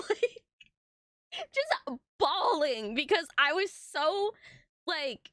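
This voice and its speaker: A young woman streaming, telling stories in casual chat, animated and full of tangents and swearing. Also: high-pitched, slow pace, no room sound, studio quality. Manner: animated, tangent-prone storytelling with frequent swearing.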